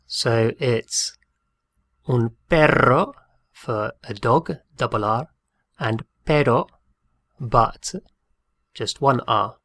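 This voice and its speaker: Male language teacher, slow and deliberate, mid-pitched, dry close sound, drills phrases and spells words aloud. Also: a bit bright, dry recording. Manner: patient, repeats each phrase and spells words out. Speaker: Spanish teacher.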